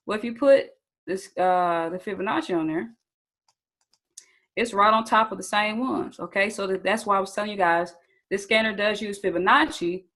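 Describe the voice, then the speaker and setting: A woman's voice: medium pitch, normal speed, a bit bright, low-quality recording. Chatty young woman teaching a live class. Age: young adult. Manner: casual, chatty, addresses viewers as "you guys" and "y'all"; checks in often with "okay?" and asks for chat answers. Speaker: trading instructor. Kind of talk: live screen-share training session.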